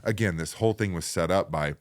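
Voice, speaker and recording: A man in his forties, a guest on an interview show, telling a story in a lively way that swings between loud excited bursts and quiet low asides. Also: quick pace. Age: 40s. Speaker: guest, professional wrestler.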